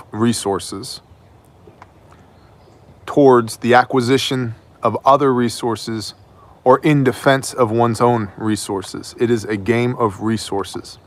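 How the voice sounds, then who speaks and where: Man, news host, opinionated commentary, emphatic, mocking asides, middling pitch. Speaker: host of an independent news show.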